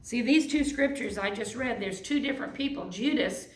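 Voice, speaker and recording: A woman's voice: on the high side, normal speed, slight background noise. An earnest woman preaches in a church sanctuary. Her voice rings around the large echoey room and sounds a little distant from the microphone. She reads scripture in old-fashioned wording between plain talk. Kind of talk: sermon.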